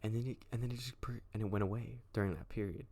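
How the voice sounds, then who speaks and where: A man's voice: fairly low pitch, steady tone, fast, mellow. A young man telling a casual storytime, slangy, profane and rambling.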